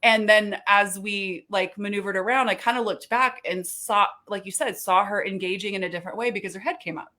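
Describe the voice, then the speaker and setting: A woman on a video call telling a funny everyday story in casual chat, animated and quick to laugh. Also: medium pitch. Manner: animated, laughing, acts out quoted voices.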